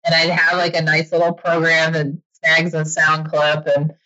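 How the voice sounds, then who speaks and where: A middle-aged woman chatting candidly as an interview guest, animated and quick to laugh. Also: deep voice, dull audio. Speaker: podcaster and author guest. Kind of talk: casual interview chat.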